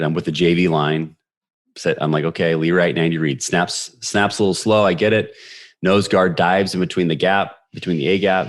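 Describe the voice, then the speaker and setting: Deep-voiced man in his forties telling stories. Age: 40s. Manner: energetic, animated retelling with quoted voices. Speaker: podcast guest. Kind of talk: storytelling interview.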